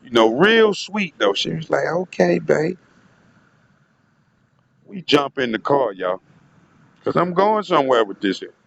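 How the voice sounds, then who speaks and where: Man vlogger with a raised pitch, telling a long profane story straight to his audience. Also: very animated, normal speed, gravelly, a bit bright, lo-fi sound, slight background noise. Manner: rambling, profane, keeps addressing the audience. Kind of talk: casual storytelling monologue.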